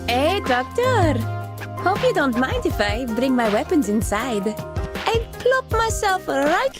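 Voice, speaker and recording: A woman's voice: high-pitched, big pitch swings, slow, music in the background, exaggerated voice. An actress voicing a playful, menacing young female mercenary who teases with sing-song threats in a game voice line. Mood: teasing.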